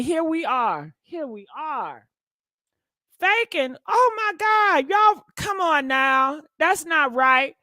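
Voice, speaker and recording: Gossip host, woman, high voice, dry close mic, exclaiming and chatty. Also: sharp tone, no echo. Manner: exclaiming, talks straight to viewers. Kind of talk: live-stream gossip commentary.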